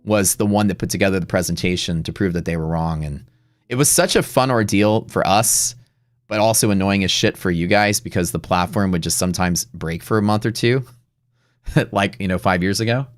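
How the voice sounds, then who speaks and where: A man's voice: sits low, normal speed, no room sound. A middle-aged man hosting a live day-trading stream, telling a story in a blunt, profane, rambling way with many restarts.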